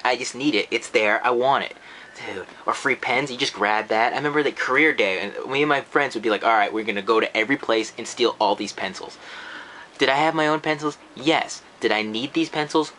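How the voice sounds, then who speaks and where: Young male vlogger, animated profane rant, medium pitch, light background noise. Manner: animated, mocking voices, frequent swearing. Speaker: vlogger reviewing films.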